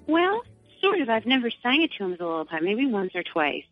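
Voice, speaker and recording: A woman's voice: fast, dry recording, soft background music. Chatty middle-aged New woman. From Long Island, New York. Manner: chatty, animated, acts out her own thoughts in a higher voice. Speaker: singer and guest. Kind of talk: casual interview. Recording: dull, lo-fi sound.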